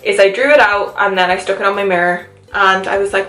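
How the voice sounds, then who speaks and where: A woman's voice: medium pitch, fairly even intonation, fairly quick, hardly any pauses, fairly bright tone, soft background music. Young Irish woman, mixed accent, chatty vlogger, echoey room. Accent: Irish, mixed with Liverpool and American. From Ireland. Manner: chatty, upbeat, lots of "like". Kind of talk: casual chat to camera. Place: her home.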